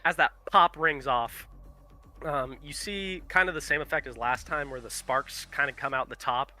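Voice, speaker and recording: A man's voice: fairly high pitch, normal speed, sharp tone, soft background music. A man running a tabletop game as game master, casual and swearing, often laughing.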